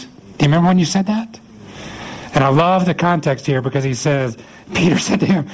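A man's voice: medium pitch, a little fast, a little hiss or hum, poor audio. A man preaching a sermon in a conversational way, acting out the lines of the people in the story. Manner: conversational, acts out voices of biblical figures. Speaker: pastor.

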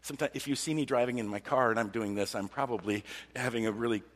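Husky man preaching in a reverberant hall. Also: medium pitch, fast talker. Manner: animated, repeats words, swings from loud to hushed. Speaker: pastor. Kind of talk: sermon.

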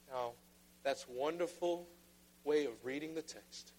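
A man preaching a sermon, playful and then emphatic, often mimicking flat reading voices. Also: fairly high pitch, measured pace, pauses often. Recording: long reverb of a large hall.

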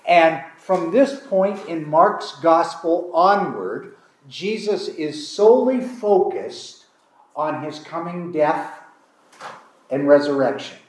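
Animated male preacher in an echoey church. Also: fairly high pitch, slow. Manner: conversational, animated storytelling with acted-out dialogue. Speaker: pastor. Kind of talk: sermon. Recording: echoey room.

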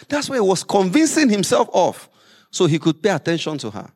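A man preaching a sermon as pastor, lively with humorous asides. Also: high voice, a little fast.

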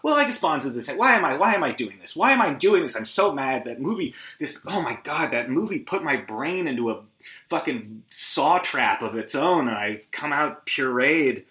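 A man's voice: mid-range voice, big pitch swings, moderate pace, sharp tone. A man hosting a solo movie recap podcast, rambling and scattered, swearing often and making self-deprecating asides, on a lo-fi recording. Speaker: podcast host. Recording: lo-fi echoey room.

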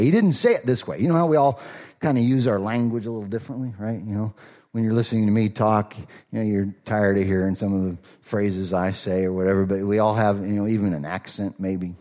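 A middle-aged pastor with a slight Southern accent delivers a sermon in an easy, chatty way. He drifts into casual asides and lifts his voice to stress key points. His voice sits in a middle pitch. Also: darkish tone. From Minnesota. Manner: conversational preaching with asides, rising to emphatic stress.

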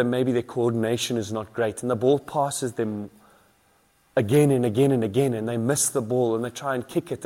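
A man's voice: medium pitch, a little mellow. Man preaching an earnest sermon. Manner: earnest, repetitive preaching with rising emphasis. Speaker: pastor.

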